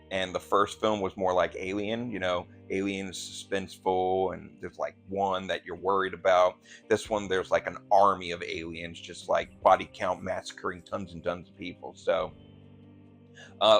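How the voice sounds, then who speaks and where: A man with a very low, gravelly voice chats casually about his week, wandering from one thing to the next with lots of ums and you-knows. Soft music plays faintly underneath. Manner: rambling, relaxed, many ums and you-knows. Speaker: gaming channel host. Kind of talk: casual chat. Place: lives in Virginia.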